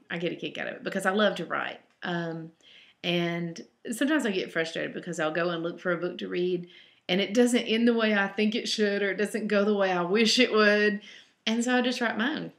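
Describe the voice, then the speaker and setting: A Southern US home cook chats her way through reader questions in a casual Q&A vlog, rambling off on tangents with plenty of ums. Her voice is fairly low, gravelly, and fairly quick, with a roomy echo.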